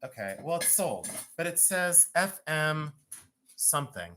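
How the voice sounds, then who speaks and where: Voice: medium pitch, very animated, unhurried, pushed and bright, slight background noise. A host running a live jewelry sale from home, chatting and joking with viewers and laughing often. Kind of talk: live-stream selling chat.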